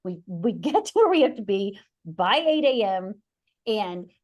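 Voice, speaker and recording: A woman in her forties hosting a podcast, telling a personal story with lively acted-out quotes and frequent restarts. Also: medium pitch, unhurried. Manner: animated storyteller who acts out quoted voices; rambling, with frequent restarts and laughs. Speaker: podcast host.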